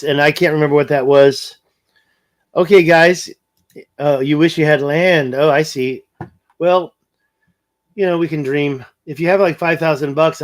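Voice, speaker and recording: Man, slightly high voice, casual livestream host, rambling, thinking aloud, reading chat.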